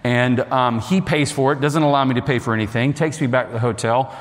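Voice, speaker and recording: A man's voice: mid-range voice, fairly even intonation, a little fast. Guy telling a story to a crowd, chatty, keeps checking in with listeners, long echoey hall. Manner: chatty, addresses the listeners directly, acts out quotes. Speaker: speaker telling a personal story. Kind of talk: storytelling talk to an audience.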